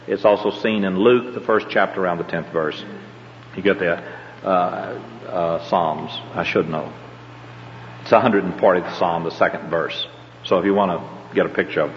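An older man with a Southern accent teaching a Bible class, rambling and folksy, with frequent hesitations. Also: lowish voice. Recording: dull lo-fi tape in a reverberant hall.

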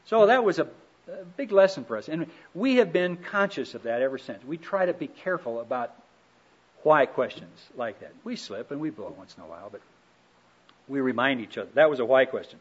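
Husky-voiced man, folksy and anecdotal. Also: medium pitch, expressive, a little fast. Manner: folksy, anecdotal, gently humorous. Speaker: speaker on marriage. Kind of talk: relaxed seminar talk. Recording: dull lo-fi recording.

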